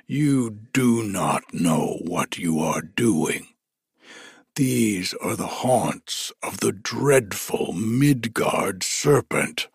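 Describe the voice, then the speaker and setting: A man's voice: fairly low pitch, creaky, husky, dry recording, clean studio sound, pitched below the performer's own voice, full character voice. A man voicing a boastful but fearful male giant fisherman in a storybook reading. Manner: proud, then roaring in alarm.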